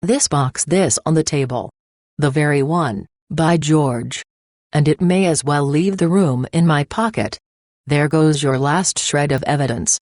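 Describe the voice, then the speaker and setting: A woman reading the part of a cruel, gloating middle-aged male poisoner with a slow, taunting manner. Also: low-pitched, a little mellow, dry recording, studio quality.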